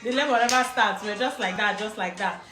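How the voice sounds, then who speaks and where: A Nigerian woman telling a personal story in casual, animated talk, laughing often and mixing in pidgin. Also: mid-range voice, brisk. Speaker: vlogger. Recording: echoey room with music behind.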